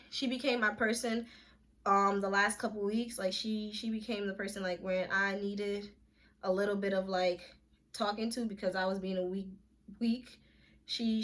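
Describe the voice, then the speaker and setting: A young woman vlogger speaks straight to camera in a casual video, her mid-range voice bright and forward. She's candid and emphatic, using slangy everyday language and restarting her sentences quickly.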